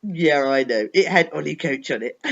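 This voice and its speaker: A woman's voice: low-pitched, vocal fry. A woman telling a children's story expressively, asking her listener questions along the way. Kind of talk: bedtime story reading for children. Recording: dull lo-fi recording.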